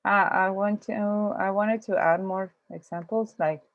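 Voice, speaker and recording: Teaching English by video call, a woman with Spanish as her first language alternates between the two languages and explains patiently, often restarting and thinking out loud. Her mid-range voice is steady and unhurried, and the tinny call audio is dry, with no room sound.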